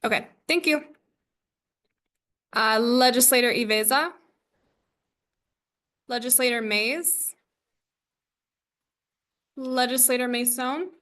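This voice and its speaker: A woman chairing a student government meeting, reading the agenda and roll call in a brisk, scripted way. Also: on the high side, fairly bright tone.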